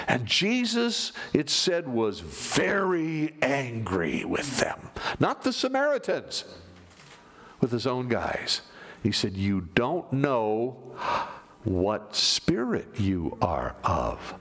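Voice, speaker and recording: A man preaching a sermon, animated, moving from loud emphasis down to near-whispers. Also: mid-range voice, slow pace, slightly rough. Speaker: pastor.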